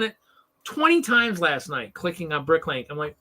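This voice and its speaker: A man hosts a casual live stream and rants with exasperated sarcasm, often circling back over the same words. His voice sits a little high and sounds bright and forceful. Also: sing-song, quick pace. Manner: ranting, exasperated, sarcastic, repeats himself. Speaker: host of a live toy-hobby stream.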